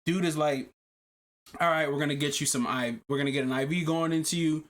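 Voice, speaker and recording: A man on a casual podcast tells a long story with animated energy, swearing freely and laughing as he goes. His voice sits a little higher than usual for a man. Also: brisk. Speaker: podcast host.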